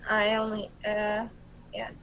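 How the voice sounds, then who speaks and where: A woman's voice: medium pitch, completely flat delivery, slow pace, a bit bright, slight background noise, poor audio. A woman playing a tabletop game over voice chat, hesitant and full of fillers. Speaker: player. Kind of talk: casual tabletop play.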